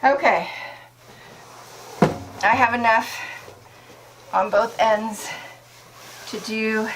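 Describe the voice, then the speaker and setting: A woman's voice: fairly high pitch, slow, pauses often, a bit bright, husky, poor audio. Chatty woman thinking aloud while crafting. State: out of breath at times. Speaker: DIY vlogger. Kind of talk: casual talk-through while working. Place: camper interior.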